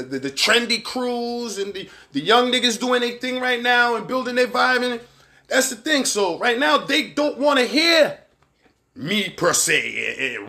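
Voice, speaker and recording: Man, Barbadian accent, livestream host, casual profane rambling, slightly high voice, bright and forceful tone. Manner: candid, profane, rambling, shouts out viewers by name. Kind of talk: casual live-stream commentary.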